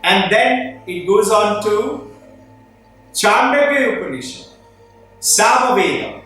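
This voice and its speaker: High-voiced man telling a spiritual story. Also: takes it slowly. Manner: animated storyteller, acts out characters. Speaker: school head addressing parents. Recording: echoey distant room with faint music.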